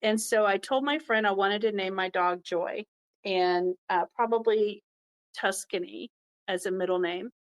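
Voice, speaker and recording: A woman's voice: mid-range voice, a little slow, poor audio. A middle-aged woman tells a personal story from the heart and acts out the voices of the people in it. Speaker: podcast host.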